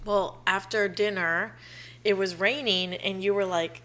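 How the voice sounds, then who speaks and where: A woman's voice: medium pitch, a little slow, fairly bright tone. A young woman co-hosting a casual chat, telling a story animatedly, acting out quotes and laughing often. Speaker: podcast co-host.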